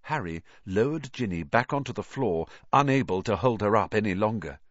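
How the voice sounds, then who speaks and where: A man's voice: fairly low pitch, animated, moderate pace, dry recording, muffled recording. A man narrating a fantasy storybook expressively and dramatically. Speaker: audiobook reader.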